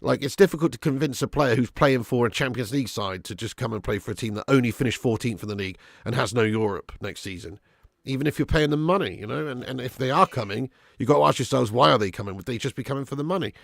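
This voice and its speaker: Young man, football watch-along host, gravelly voice, dry close sound, chatty with excited bursts. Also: medium pitch, fast talker, no echo. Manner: chatty, thanks viewers by name, bursts of excitement on chances. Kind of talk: live watch-along commentary and chat.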